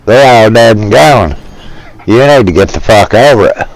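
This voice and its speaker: A man, ranting bluntly and profanely with many halting restarts. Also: lowish voice, expressive, rough recording. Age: 50s. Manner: blunt, profane, rough-spoken. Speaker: streamer. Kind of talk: rambling opinion rant.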